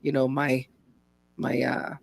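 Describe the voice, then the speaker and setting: A woman's voice: a bass voice, completely flat delivery, slow, creaky, no room sound. A woman, a singer, telling stories and laughing in a casual live chat. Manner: chatty, laughing storyteller. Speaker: singer and co-host.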